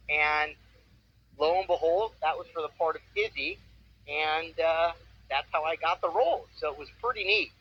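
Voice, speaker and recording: A man's voice: on the high side, moderate pace. A man in his forties, a voice actor telling stories in a casual interview with an upbeat, enthusiastic manner. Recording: muffled with faint noise.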